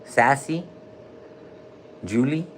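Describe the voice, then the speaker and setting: A man's voice: medium pitch, expressive, very slow, a little hiss or hum. A man hosting a casual livestream from a hospital room, joking loosely in heavy slang and calling out viewers' names. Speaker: livestream host.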